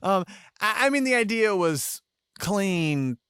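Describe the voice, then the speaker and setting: A man's voice: sits high, big pitch swings, slow pace, a bit bright, slight background noise. A man hosting a podcast, chatting casually and reading scripted history passages with some hesitation. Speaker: podcast host.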